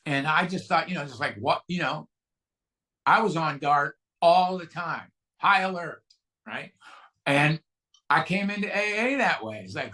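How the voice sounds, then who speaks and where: Man, high voice, bright forceful tone, candid self-mocking storytelling, recovery meeting share. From California, USA. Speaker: guest speaker at a recovery meeting.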